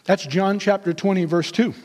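A male pastor telling a story in a sermon, animated and acting out the characters' voices. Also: high-pitched, normal speed. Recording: long hall reverb.

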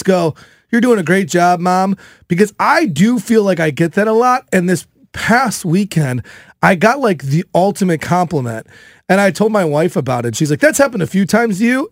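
Loud, high-voiced storytelling man. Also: creaky, dry recording, clean studio sound. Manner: animated storytelling, loud and excitable. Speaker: radio show host. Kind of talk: casual chat.

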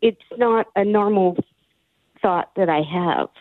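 A woman's voice: mid-range voice, slow, dry recording. Hesitant woman caller on a tinny phone line. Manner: hesitant, searching for words. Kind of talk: phone-in question. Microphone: telephone.

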